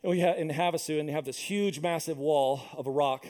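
A man in his thirties preaching a sermon as pastor, telling stories in an animated way and acting out other people's voices. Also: fairly high pitch, brisk. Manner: animated storytelling, acts out voices.

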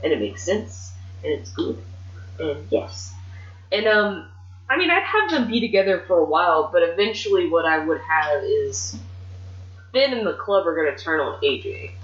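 A woman hosting a podcast, talking casually and excitedly about booking wrestling matches, swearing freely. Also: lowish voice, moderate pace. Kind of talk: casual chat. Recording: muffled, echoey room.

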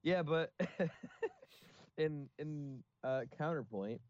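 A man co-hosting a podcast in a casual chat, teasing with deadpan counterpoints. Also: fairly high pitch, slow, highs cut off. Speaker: podcast co-host.

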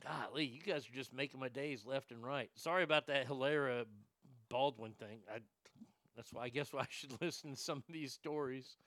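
A man hosting a casual commentary show, ranting crudely with loud profane outbursts. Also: medium pitch, normal speed, no echo, studio quality. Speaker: show host.

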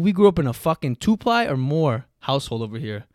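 Profane rambling man, crisp dry voice. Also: on the high side, very animated, a little fast, no echo. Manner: profane, rambling, says dude and bro constantly; loud shouting rants. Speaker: podcast host. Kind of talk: solo comedic rant.

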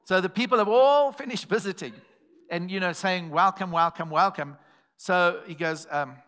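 His voice sits high and his speed is normal as this man preaches in church. The sermon is full of stories, with animated calls to the congregation and acted-out quotations.

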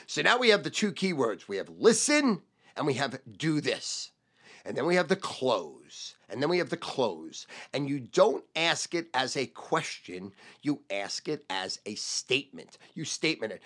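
A middle-aged man, a sales trainer giving a profane motivational rant and shouting repeated keywords. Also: medium pitch, very animated, moderate pace.

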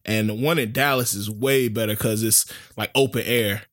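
A man co-hosting a podcast, telling stories in relaxed slang-heavy casual chat. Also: lowish voice, normal speed, no echo, studio quality. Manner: laid-back slang-heavy storytelling. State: recovering from being sick. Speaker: podcast co-host.

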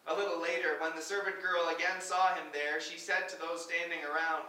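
A male pastor reads Scripture aloud in a measured, steady way, his voice sitting high and sounding bright. He is picked up from a distance inside a church sanctuary, so the sound rings with heavy echo. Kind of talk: Scripture reading at a worship service. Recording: very echoey church, voice from far off.

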